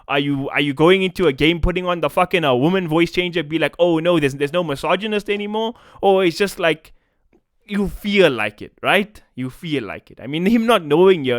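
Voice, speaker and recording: High-voiced, ranting South African man. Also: fairly bright tone, dry recording, studio quality. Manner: profane, ranting, casual slang. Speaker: esports commentator. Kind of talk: heated commentary vlog.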